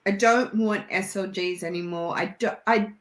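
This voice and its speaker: A woman's voice: medium pitch, normal speed, echoey room. A woman with an Australian accent, chatting as a guest over a video call and telling stories with frequent laughter. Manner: chatty, animated storyteller who laughs often. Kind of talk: casual chat.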